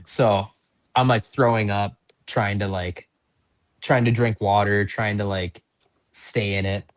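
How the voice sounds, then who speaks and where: A man's voice: fairly low pitch, fairly even intonation, slow. A man from North Dakota, a pro wrestler and podcast guest, telling casual stories in a chatty, rambling, self-deprecating way. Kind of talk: casual storytelling in an interview.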